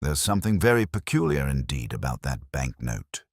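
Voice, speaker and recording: A man voicing a gentle, shrewd old lady sleuth. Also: extremely low pitch, sing-song, moderate pace, no echo, studio quality, full character voice. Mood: musing. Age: over 60. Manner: soft and musing.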